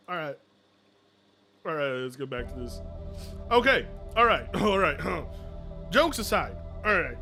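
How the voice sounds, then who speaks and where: Hyped-up guy streaming, bright sharp voice, swears a lot, faint music behind. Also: fairly high pitch, unhurried, pauses often. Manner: excitable, joking, profane. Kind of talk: casual live-stream chat.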